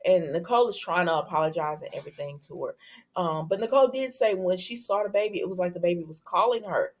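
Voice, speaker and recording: A woman's voice: lowish voice, fast. A woman recapping a soap opera episode in casual chat, sassy and talking straight to her viewers.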